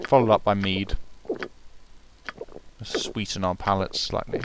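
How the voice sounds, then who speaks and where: A man's voice: low voice, steady tone, unhurried, noisy background. A man casually commenting on a fantasy role-playing game with dry, wry asides. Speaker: let's play commentator. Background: game music.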